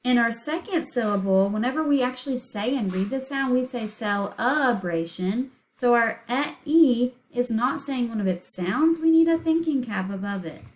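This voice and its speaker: A woman's voice: on the high side, animated, moderate pace, few pauses, darkish tone, low-quality recording. A woman teaching a recorded spelling lesson, patiently sounding out words letter by letter and syllable by syllable.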